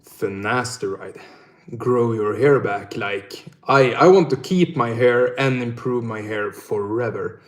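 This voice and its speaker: A man's voice: mid-range voice, slow. A young man from northern Sweden with a Swedish accent, chatting casually on a livestream, swearing a lot and laughing often. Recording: roomy echo.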